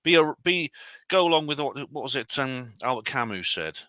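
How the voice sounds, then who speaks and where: A man's voice: mid-range voice, expressive, moderate pace, bright, forceful tone, no room sound. A man co-hosting a casual livestream chat, talking at length in a reflective way and laughing often. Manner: reflective and talkative, with frequent laughs. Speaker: co-host.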